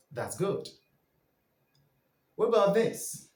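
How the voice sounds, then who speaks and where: Slow, lively-voiced pronunciation teacher man. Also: mid-range voice, echoey room. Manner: drills sounds for listeners to repeat.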